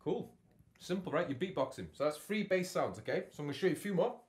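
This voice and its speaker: A man's voice: fairly high pitch, lively intonation, quick pace. A man teaching a beatbox workshop from his home studio. He keeps checking in with his learners with "yeah?" and "okay?". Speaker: beatbox tutor.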